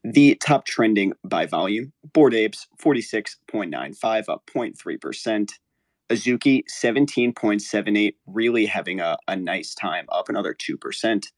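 A man giving a relaxed market update on a podcast, rattling off figures. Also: on the low side, normal speed, dry recording.

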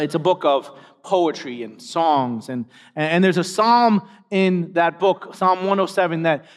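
A man preaching a sermon, swinging between loud emphatic lines and hushed, low asides. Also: long reverb tail.

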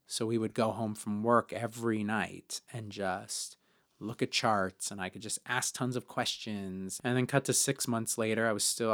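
A man co-hosting a podcast, telling a personal story in a chatty way with many fillers. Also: creaky. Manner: chatty, many fillers, acts out quotes in higher voices. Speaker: podcast co-host.

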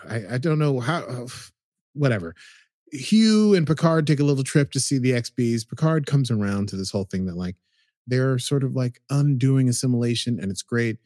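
A man's voice: mid-range voice, no room sound. Dry, chatty man recapping a show. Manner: animated storytelling, slips into quick quoted voices. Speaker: podcast co-host recapping a TV episode. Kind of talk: casual recap chat.

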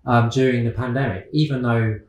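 A man's voice: medium pitch, steady tone, a little fast, darkish tone, roomy sound, poor audio. A man answering interview questions about the economy in a casual, hesitant way, with many fillers and restarts. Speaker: guest economist.

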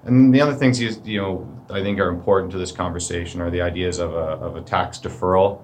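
A man's voice: deep voice, fairly even intonation, fast, a little mellow, a little hiss or hum. A man with a Canadian accent, a lawyer explaining legal terms in a plain-spoken, self-deprecating way. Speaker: corporate lawyer. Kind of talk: explanatory podcast conversation.

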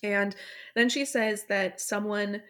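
A woman walks through a story's plot in a relaxed, chatty way. She leans on fillers and slips into little voices for the characters' lines. Her pitch sits in a middling range. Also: slow. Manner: storytelling recap with many fillers, acts out quotes. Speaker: book club podcast host summarizing the plot. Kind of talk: casual plot recap.

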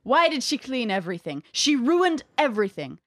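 A woman's voice: on the high side, very animated, normal speed, no room sound, studio quality. A woman voicing a temperamental male artist who rants in melodramatic outbursts. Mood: furious.

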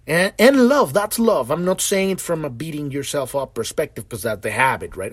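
Talking casually and with feeling about spiritual growth, a podcast host swears often and acts out the voices he quotes, staying animated throughout. His voice is a little high, his pace moderate with hardly any pauses, and the recording is dry.

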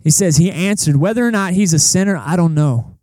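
Young male pastor, mellow and fairly high voice, animated sermon delivery, dry close sound. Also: fairly quick, no room sound. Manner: animated, conversational preaching with acted-out quotes. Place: church service in a cinema auditorium.

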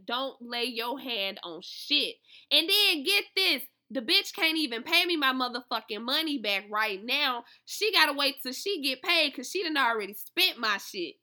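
A young woman with a high voice vents to her viewers in a profane, animated storytime. Her tone is very bright and cutting. She swings between loud outbursts and low, calmer stretches. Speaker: vlogger, author promoting an ebook. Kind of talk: casual storytime rant to viewers.

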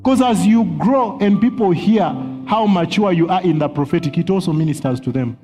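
A man's voice: high voice, brisk, dark tone. A man teaching on prophecy in a sermon style, earnest, chuckling often and repeating words as he searches for them. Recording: long hall reverb with faint music.

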